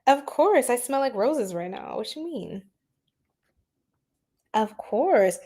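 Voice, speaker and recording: A woman hosts an astrology livestream in loose, slangy chat with a fairly high voice. She laughs often and answers viewers' comments as they come in. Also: big pitch swings, slow, darkish tone, husky.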